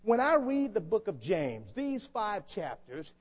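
A man's voice: high-pitched, huge pitch swings, measured pace. A man preaching a sermon to a congregation, often asking them questions to draw them in. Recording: long hall reverb.

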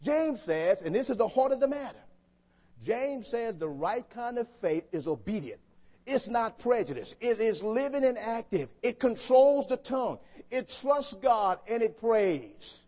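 Animated high-voiced man preaching a sermon. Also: measured pace. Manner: rhetorical questions to the congregation. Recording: long hall reverb.

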